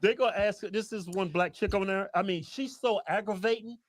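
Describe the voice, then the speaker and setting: A man's voice: high voice, brisk. A man talking politics on a podcast, earnest but stumbling over words and laughing at himself.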